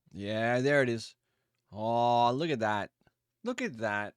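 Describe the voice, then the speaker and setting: A man hosting a live stream, chatting casually and easygoing with viewers, with quick asides and apologies. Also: mid-range voice, expressive, no echo, clean studio sound. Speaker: livestream host.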